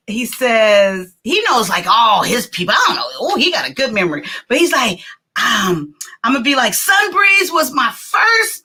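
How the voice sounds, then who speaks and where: A woman with a high, bright voice hosts a live stream, chatting casually with her viewers. She talks at an unhurried pace but swoops up and down, greets people by name and laughs often.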